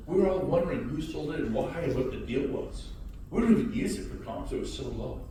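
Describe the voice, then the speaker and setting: Male motivational speaker, loud and punchy, working a crowd; very echoey hall, distant mic. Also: expressive, a little fast, slight background noise. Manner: high-energy, shouting and teasing the crowd. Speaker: real estate speaker addressing an audience. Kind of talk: motivational talk to a live audience. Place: large hall with audience.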